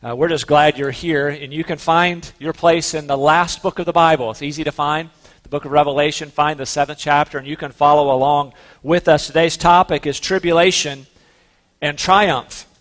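Male pastor, high voice, relaxed storytelling sermon, big reverberant sanctuary. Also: moderate pace. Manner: conversational storytelling with fillers and restarts.

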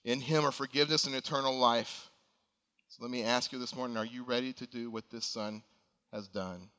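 A man's voice: medium pitch, fairly even intonation, a little fast, bright, forceful tone, clear, resonant tone. A man preaching a sermon as pastor, earnest and emphatic in his appeals. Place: church sanctuary. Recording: long reverb of a large hall.

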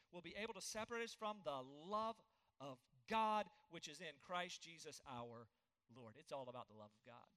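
High bright voice on a male pastor, earnest preaching, long church-hall echo. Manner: earnest, emphatic preaching with scripture reading. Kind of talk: sermon.

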